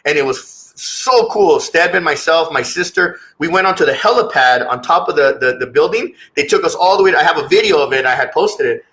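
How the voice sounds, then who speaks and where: A man's voice: on the high side, expressive, brisk, few pauses, fairly bright tone, poor audio. A man speaking as a guest in a candid interview, earnest and reflective, often repeating words as he searches for his thoughts.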